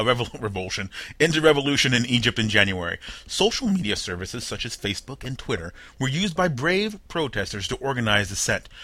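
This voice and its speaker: A man's voice: medium pitch, sharp tone, no room sound. A young man hosting a comedy news roundup, reading headlines with wry, jokey asides and putting on mock-dramatic voices for the people in the stories. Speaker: podcast host.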